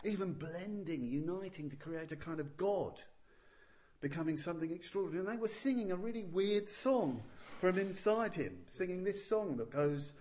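A man's voice: sits high, animated, moderate pace, darkish tone, a little hiss or hum. A man, a Buddhist teacher telling a legend with playful, chuckling asides to his listeners. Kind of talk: storytelling talk.

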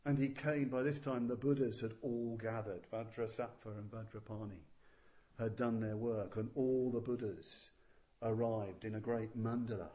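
A man's voice: mid-range voice, fairly even intonation, moderate pace, dark tone. A man, a Buddhist teacher telling a legend with playful, chuckling asides to his listeners. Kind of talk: storytelling talk.

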